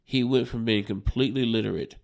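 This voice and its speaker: A man's voice: medium pitch, steady tone, brisk, gravelly, a little mellow. A man, a stand-up comedian, telling a profane road story in casual chat, laughing and acting out the people in it. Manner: acts out drunk friend in quoted voices.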